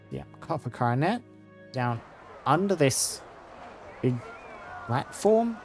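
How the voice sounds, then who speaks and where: A man's voice: a little high, sing-song, takes it slowly, pauses often, over music. A man commenting wryly on a video game as he plays, often reading the dialogue aloud. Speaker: gaming streamer. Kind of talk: let's-play commentary.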